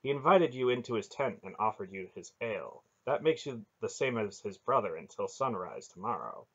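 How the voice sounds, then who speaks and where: A man's voice: on the low side, big pitch swings, normal speed, a bit bright, slightly rough, highs cut off, exaggerated voice. A man reading an audiobook, voicing a firm, composed woman sorceress.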